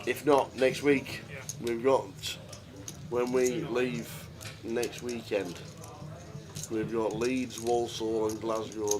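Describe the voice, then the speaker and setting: A man doing live poker commentary, chatty and jokey, with rambling asides. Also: fairly low pitch. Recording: crowd chatter of a live card room.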